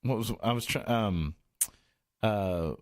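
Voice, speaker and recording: A man's voice: fairly low pitch, takes it slowly. Rambling man hosting a chat show. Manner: rambling, trailing off, many restarts. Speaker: podcast host. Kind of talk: casual chat. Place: radio studio.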